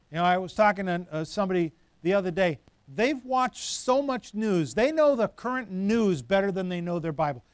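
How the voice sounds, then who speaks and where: A man's voice: sits high, no echo. A middle-aged man preaching a sermon in a conversational, storytelling way with emphatic build-ups. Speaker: pastor.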